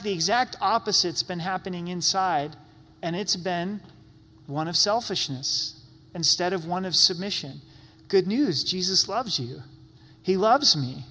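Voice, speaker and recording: Earnest preacher man with a bright, high voice. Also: long reverb tail. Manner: earnest, pleading, conversational preaching. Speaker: pastor. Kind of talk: sermon. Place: church sanctuary.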